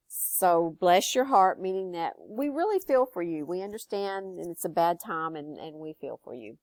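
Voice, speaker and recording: An older woman, teaching students in a gentle, encouraging way. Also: on the low side, lively intonation, normal speed, few pauses, dry recording. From Texas. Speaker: educator. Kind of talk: friendly recorded lesson for students.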